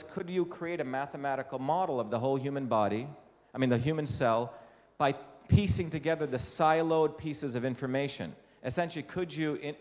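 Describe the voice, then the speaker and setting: A man of ordinary pitch lectures to a live audience with emphatic, punchy delivery, often asking the room rhetorical questions. He is from India. His voice rings with the long reverb of a lecture hall. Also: a little mellow. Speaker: invited lecturer.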